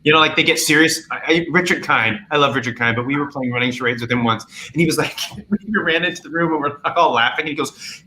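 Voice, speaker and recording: A man telling animated stories and playing a game on a video call, chatty and playful. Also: on the high side, fast, background noise. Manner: chatty, playful, acts out quoted voices. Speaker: game night guest.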